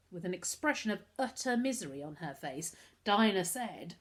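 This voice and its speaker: A woman reading a children's chapter book aloud in an expressive, animated way. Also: fairly low pitch, moderate pace.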